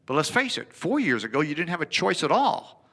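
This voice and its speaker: A man giving a presentation, an animated storyteller who acts out the dialogue. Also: fairly high pitch, brisk.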